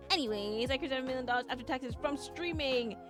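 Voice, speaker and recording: A woman's voice: sits high, sing-song, measured pace, over music. Playful giggly woman streamer. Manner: playful, giggly, teasing chat. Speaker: vtuber streamer. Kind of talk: casual live-stream chat.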